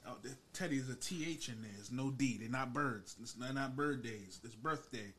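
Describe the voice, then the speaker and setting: A man voicing a short-tempered older male paramedic with a Trinidadian accent, loud and impatient. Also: medium pitch, moderate pace, slight background noise, lightly acted.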